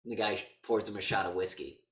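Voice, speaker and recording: A man co-hosting a podcast, retelling a movie's plot in casual chat and slipping into quick voice impressions. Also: sits low, fairly bright tone. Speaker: podcast co-host. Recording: roomy echo, mic a bit distant.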